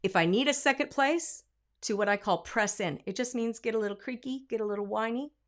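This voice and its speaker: A woman's voice: on the high side, brisk, a bit bright. A woman vocal coach giving a singing lesson, explaining technique and breaking into short sung and spoken examples.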